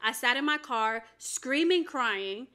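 A woman's voice: high-pitched, lively intonation, slow pace, pushed and bright. A woman, a faith coach, giving a fervent personal testimony sermon to her camera, with emphatic repetition.

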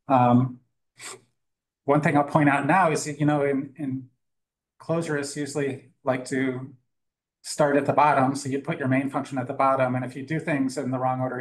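A man's voice: medium pitch, low-quality recording. A man giving a casual, joking live talk at a meetup, with plenty of fillers and restarts. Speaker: conference speaker. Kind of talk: live tech talk with demo. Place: meetup room with audience.

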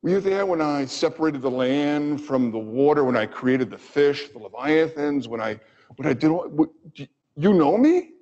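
A man's voice: on the high side, lively intonation, moderate pace, a little mellow. A man voicing a mighty male creator God who challenges with raised, ringing rhetorical questions, in a dull echoing hall. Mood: stern. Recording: dull audio with long hall reverb.

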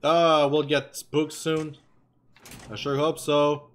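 A young man playing a horror game who talks loudly, gets frustrated, and yells and swears at what is on screen. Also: a little high, level tone, slow. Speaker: let's play gamer. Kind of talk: loud horror game commentary.

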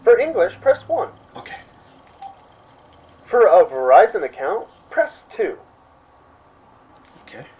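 A man doing a flat automated phone menu. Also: high-pitched, slow, long pauses, breathy edge, lo-fi sound, voice pushed down, heavily acted. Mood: mechanical. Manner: mechanical menu prompts.

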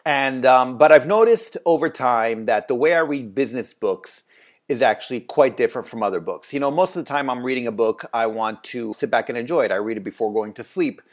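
Male host, mid pitch, loose rambling delivery, lots of ums and restarts. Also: a little fast. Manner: rambling, conversational, many fillers and restarts. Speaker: translation agency owner, video host. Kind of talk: casual talking-head advice.

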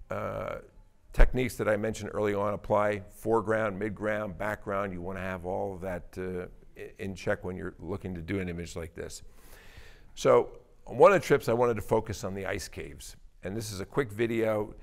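A man's voice: lowish voice, vocal fry. A man giving a conversational presentation, explaining the stories and thinking behind his landscape photographs with casual fillers. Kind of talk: presentation talk.

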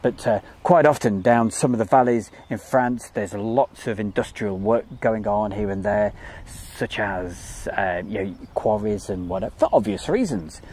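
A man's voice: lowish voice, moderate pace, darkish tone. A man from the UK hosting a live airfield stream outdoors, chatting casually and rambling as he reads out viewer comments.

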